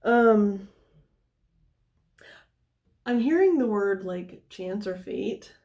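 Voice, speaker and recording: A woman's voice: mid-range voice, animated, drawn-out words, dark tone. A woman giving a casual tarot reading, talking in a loose, rambling way full of fillers and tangents. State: somewhat out of breath. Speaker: tarot reader.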